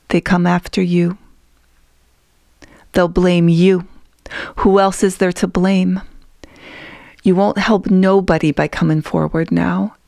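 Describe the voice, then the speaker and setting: A woman reading a firm, hushed guardian woman. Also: on the low side, gravelly, no echo, clean studio sound. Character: stern, protective older woman guardian.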